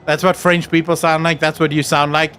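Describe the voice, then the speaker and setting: A man's voice: a little high, little pitch movement, brisk, fairly bright tone, slight background noise. A young man chatting casually on his stream, rambling and swearing freely. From South Africa. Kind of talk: casual chat reacting on stream.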